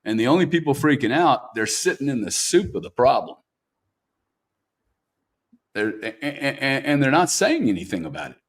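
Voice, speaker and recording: Speaking at a middle pitch, a man conducts a candid, unpolished interview with a guest, bluntly swearing and repeatedly ending sentences with "man." His delivery is sing-song at a normal speed, with frequent pauses.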